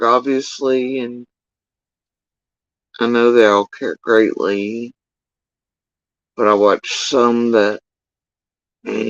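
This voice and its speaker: A man telling a story in casual livestream talk, rambling and swearing, with sudden high bursts when he quotes people. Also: dry recording, dull audio. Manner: profane, rambling, animated when quoting others. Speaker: livestream talker.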